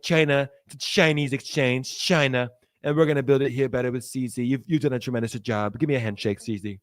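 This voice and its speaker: A bragging older politician, heaping on superlatives and repeating himself, as a young streamer puts him on. It sounds like a rough, playful impression. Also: male voice, mid-range voice, dry recording, studio quality, natural voice.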